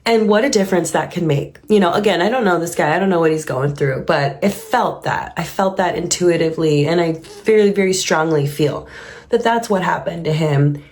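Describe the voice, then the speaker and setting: A woman's voice: lowish voice, a little fast, a little mellow. A woman hosting a reaction video, musing earnestly and reflectively on a clip she has just watched. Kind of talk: reaction commentary.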